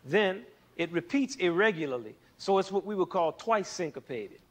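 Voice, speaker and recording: Host, male: playful music teacher with a slightly high voice who counts beats aloud. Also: animated, moderate pace. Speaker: music educator and show host. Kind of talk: scripted music lesson.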